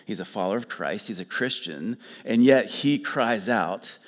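A man's voice: on the low side, animated, normal speed, big-room sound. A pastor preaching a conversational sermon, often restarting and repeating words as he explains.

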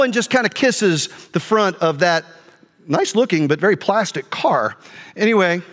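A middle-aged male pastor telling a personal story in a sermon, animated, jumping between quiet asides and loud outbursts. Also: sits high, normal speed. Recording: long hall reverb.

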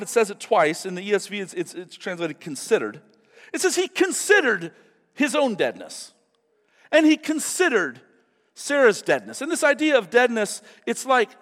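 Male preacher, high voice, really animated, acts out little quotes, big hall echo. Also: fairly quick. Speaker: pastor. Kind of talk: sermon.

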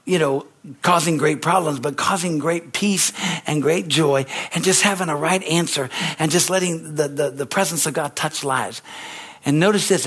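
A pastor preaching a sermon, telling stories with excitement that climbs to shouts, repeating phrases and calling for amens. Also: male voice, a little high, husky. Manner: repetitive, emphatic phrasing with call-and-response.

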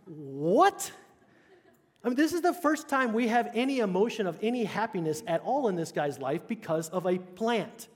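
Pastor preaching in a reverberant hall. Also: male voice, sits high, big pitch swings, moderate pace. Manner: conversational, checks in with the congregation. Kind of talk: sermon. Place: church sanctuary.

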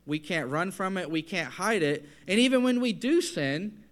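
A man delivers a sermon in an earnest, conversational tone. His voice sits on the higher side and rises as he presses a point home. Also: animated, normal speed, a bit bright. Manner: conversational, earnest preaching with rising emphasis. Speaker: preacher.

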